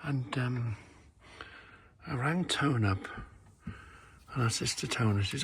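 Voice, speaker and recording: A man's voice: mid-range voice, takes it slowly, long pauses, fairly bright tone, husky, no room sound. A man vlogging in a shop, chatting casually and trailing off into muttering and whispers as he looks over items. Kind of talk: casual chat while browsing. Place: indoor shop.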